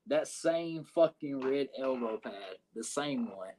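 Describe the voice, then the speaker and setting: A man's voice: medium pitch, unhurried, a little mellow, slight background noise. A man, a wrestler guest, telling a story in casual, profane speech with lots of fillers, over a video call.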